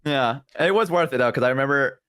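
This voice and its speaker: A man's voice: mid-range voice, quick pace, clean tone, dry recording, studio quality. A young man in his twenties with a Southern US accent, telling stories in casual chat and acting out what people said. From American South. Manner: animated, self-deprecating, acts out quotes. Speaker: streamer.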